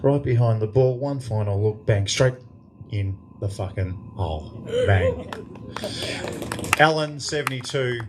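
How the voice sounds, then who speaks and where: At a measured pace and medium pitch, an Australian man in his fifties delivers a profane, lively anecdote to a crowd as an after-dinner guest speaker. The setting is a club function room, with slight background noise.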